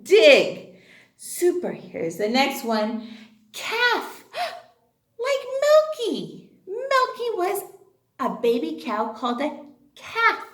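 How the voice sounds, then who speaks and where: A high, very lively woman's voice takes a young class through its lesson at a very slow pace, in sing-song phrases with every sound spelled out. She prompts and praises like a kindergarten teacher. The room around her is noticeably echoey. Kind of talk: online class for young children.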